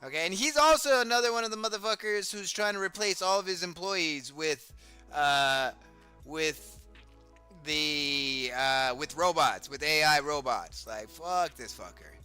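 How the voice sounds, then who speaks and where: A man's voice: on the high side, animated, unhurried, pushed and bright, smooth, faint music behind. A man streaming reaction commentary on clips, blunt and ranting, swearing heavily.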